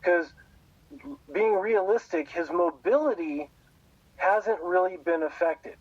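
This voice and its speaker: A man co-hosting a sports podcast, speaking in a measured, hedging way that tends to agree with his partner. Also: high voice, slightly rough, dry recording, highs cut off. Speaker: podcast co-host.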